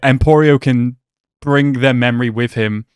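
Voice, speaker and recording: A young man hosting an anime reaction video, swinging between excited outbursts and quiet, reflective musing. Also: mid-range voice, moderate pace, clear, resonant tone, no echo, studio quality. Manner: excitable, gasping and shouting, then reflective and subdued.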